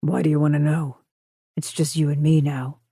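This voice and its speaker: A woman narrator voicing a male kidnapper with a deep, smooth voice, cold, controlling and quietly amused. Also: level tone, moderate pace, dry recording, clean studio sound. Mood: smug.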